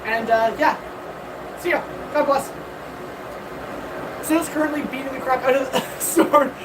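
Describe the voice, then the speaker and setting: Breathless, upbeat woman blacksmith chatting to her stream, high voice, mic set back from her, loud workshop noise under it. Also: measured pace, far from the mic. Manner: upbeat and chatty, greets viewers in chat. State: out of breath from hammering. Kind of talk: casual live-stream narration while forging.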